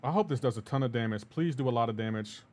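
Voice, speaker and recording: A man's voice: medium pitch, quick pace, a little mellow. A man talking casually with his live chat while gaming, rambling and laid-back, often laughing. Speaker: livestreaming gamer.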